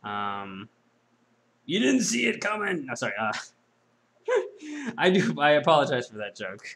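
A man's voice: a little high, huge pitch swings, measured pace, a bit bright. A man hosting a trading card sales video, chatting casually with rambling, self-mocking jokes.

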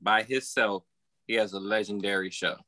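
A man's voice: on the low side, steady tone, normal speed, pushed and bright, no room sound. A man co-hosting a podcast, talking casually. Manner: hesitant, hedging. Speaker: podcast co-host. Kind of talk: casual debate chat.

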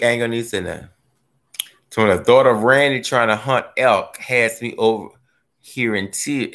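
A man hosting a gardening live stream, chatting casually as he reads viewer comments, joking and laughing, his voice swooping from low mutters up to high squeals. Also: fairly bright tone. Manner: playful, laughs often. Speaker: gardening livestream host.

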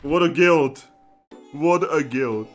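A let's play commentator giving casual gameplay commentary, excitable, swearing and laughing often. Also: mid-range voice, slow pace, soft background music.

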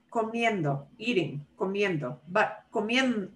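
A woman teaching a Spanish class over a video call, who models pronunciation by repeating words slowly and checks in often with her students. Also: medium pitch, expressive, rough recording. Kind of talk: online class instruction.

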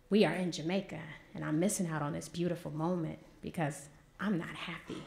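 Gravelly woman telling a story. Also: on the low side. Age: 40s. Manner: animated, vernacular, acts out quotes loudly. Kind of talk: live stage storytelling. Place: stage before an audience.

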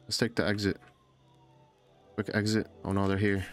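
A man giving profane, excitable let's-play commentary as a gaming YouTuber, often yelling at the game. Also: fairly low pitch, normal speed, soft background music.

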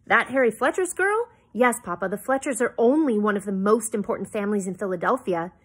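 A woman voicing a fifteen-year-old girl in a read-aloud novel, pitching up for the girl's outbursts. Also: a little fast, slightly rough. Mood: exasperated. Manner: raised pitch, excited and upset. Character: anxious, emotional teenage girl heroine.

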